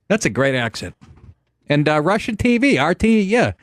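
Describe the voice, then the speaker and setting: A man's voice: fairly high pitch, sing-song, normal speed, no echo, clean studio sound. A man hosting a call-in radio show, blunt and crude, laughing often between jokes.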